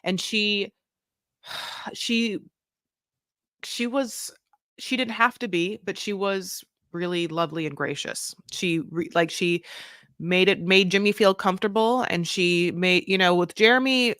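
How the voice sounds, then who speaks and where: A woman co-hosting a casual recap podcast, talking in long opinionated run-on rants with the odd curse word. Her voice sits in a middle pitch. It is recorded close and dry, with no room sound. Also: measured pace, fairly bright tone, smooth, no echo. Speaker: podcast co-host. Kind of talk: casual reality-show recap chat.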